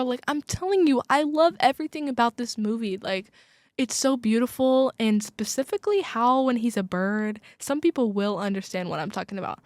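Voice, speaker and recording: A young woman hosting a college radio podcast, chatting casually and gushing about movies with lots of fillers and quick asides. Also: a little high, darkish tone, no echo. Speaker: podcast host. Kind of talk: casual chat.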